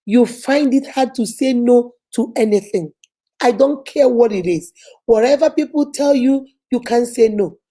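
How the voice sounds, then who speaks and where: A woman's voice: on the high side, normal speed, mellow. A woman giving a repetitive, emphatic motivational talk about self-help.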